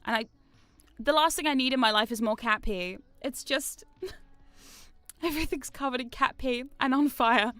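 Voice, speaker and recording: New woman streamer, high-ish crisp voice, rambly and self-deprecating, dry close sound. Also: measured pace, long pauses, fairly bright tone, no echo. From New Zealand. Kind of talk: casual stream chat. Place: home streaming room.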